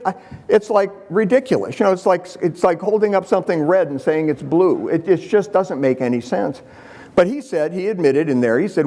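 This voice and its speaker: A man gives a conference talk from his slides, speaking in a fairly high voice. His pitch jumps around a lot, and he drops in sarcastic asides and quips straight to the room. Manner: sarcastic, animated, punchy asides to the audience.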